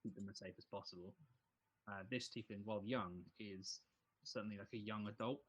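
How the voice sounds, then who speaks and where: A man's voice: on the low side, fairly even intonation, a little fast, slightly rough, muffled recording. A man narrating as game master of a tabletop game, rambling with many fillers.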